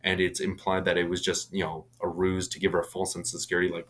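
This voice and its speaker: A man's voice: low voice, completely flat delivery, fast, hardly any pauses, a bit bright. A young man casually recapping a horror film, rambling with many restarts and casual swearing. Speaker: movie reviewer.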